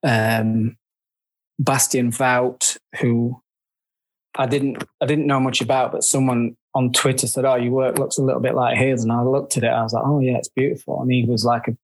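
A man's voice: medium pitch, little pitch movement. A man who works as a photographer, talking casually as an interview guest, chatty with frequent restarts. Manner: chatty, halting, self-described grumpy.

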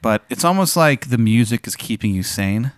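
A man's voice: medium pitch, expressive, moderate pace, no echo, clean studio sound. A young man co-hosting a comedy show, spinning an improvised story with playful, dramatic narration and some hesitant fillers. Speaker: co-host.

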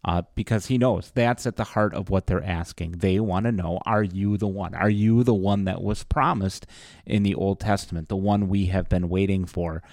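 A man with a notably low voice explains Bible passages patiently, like a teacher. His speech is dry and close-miked, without echo. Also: steady tone, moderate pace, a little mellow. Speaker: pastor co-host. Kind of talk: casual Bible study discussion.

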